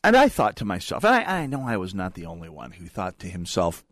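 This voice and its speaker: Animated, sarcastic male talk radio host. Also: low voice, brisk, few pauses, no room sound. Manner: animated, sarcastic, rambling with frequent restarts. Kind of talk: political talk radio monologue.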